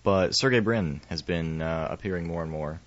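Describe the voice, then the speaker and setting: Very deep-voiced man in casual tech chat. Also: normal speed, highs cut off, a little hiss or hum. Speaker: podcast co-host.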